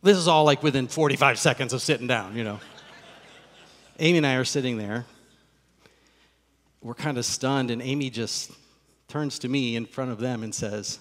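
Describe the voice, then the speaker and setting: A middle-aged male pastor telling a story from the pulpit in a lively, conversational way. His mid-pitched voice carries through a large hall with a long reverb. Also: normal speed, long pauses. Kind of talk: sermon with personal storytelling.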